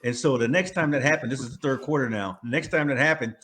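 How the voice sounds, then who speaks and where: A man in his sixties from California, a former pro football player, telling stories in a casual interview. His delivery is animated, with frequent restarts and chuckles. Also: mid-range voice, fast.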